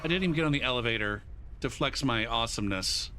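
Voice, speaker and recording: Bright-voiced swearing game streamer, a man. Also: medium pitch, fast, a little hiss or hum. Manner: profane, animated, laughs often. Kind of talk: live gameplay commentary and storytelling.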